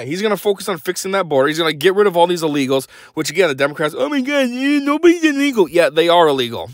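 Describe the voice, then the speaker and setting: A man's voice: a little high, no echo. A young man hosting a podcast, delivering a blunt, sarcastic opinion rant. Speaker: podcast host.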